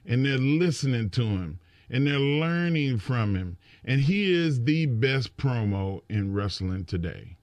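A man holds forth in casual podcast talk, building his points with emphatic repetition. His voice sits at a middle pitch. The sound is dry and close. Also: a little slow, hardly any pauses, no echo. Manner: emphatic, animated storytelling with repeated words. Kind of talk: casual chat.

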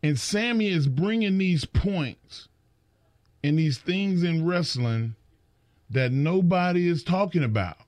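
A man's voice: on the high side, expressive, slow pace, darkish tone, no echo. A man in casual podcast chat, telling stories emphatically and often repeating words as he builds a point.

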